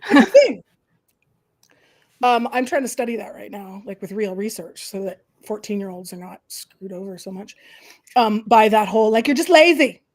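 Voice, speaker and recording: A woman's voice: mid-range voice, normal speed. A middle-aged woman from the Canadian prairies, hosting a casual chat and acting out little quoted voices as she talks. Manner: animated, acts out quoted voices. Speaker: host.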